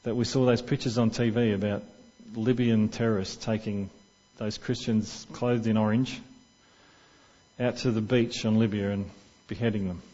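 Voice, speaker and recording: A man's voice: fairly low pitch, steady tone, moderate pace, mellow, muffled recording. A man preaching a sermon in church, talking conversationally and asking the congregation questions.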